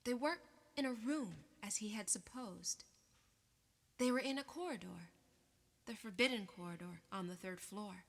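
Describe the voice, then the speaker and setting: A woman reading an audiobook aloud in a measured, expressive way. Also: medium pitch. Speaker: audiobook reader. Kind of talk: audiobook narration. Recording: long reverb.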